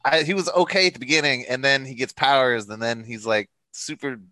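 Bright-voiced man ranting about a film. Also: mid-range voice, no echo. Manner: profane, acts out characters in quick quotes. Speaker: podcast co-host. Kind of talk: casual film discussion.

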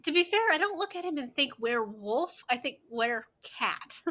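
A woman's voice: sits high, lively intonation, moderate pace, bright, forceful tone. A woman chatting casually while watching a movie, playful and laughing often. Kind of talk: casual watch-along chat.

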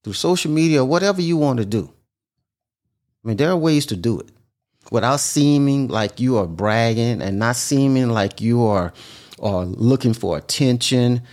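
A man's voice: medium pitch, lively intonation, moderate pace, a little mellow. A man giving casual, earnest advice in a monologue, repeating his points often. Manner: repetitive, earnest, preachy, repeats phrases.

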